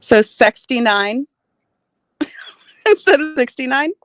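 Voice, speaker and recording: A woman's voice: high-pitched, animated, takes it slowly, dry recording. A woman chatting playfully with a friend on a livestream, giggling often. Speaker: livestream co-host. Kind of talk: casual chat.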